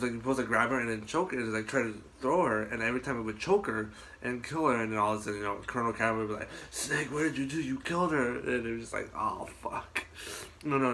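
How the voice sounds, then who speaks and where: A man chatting casually on a podcast, telling rambling, animated stories and swearing often. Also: on the low side, a little hiss or hum. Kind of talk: casual chat.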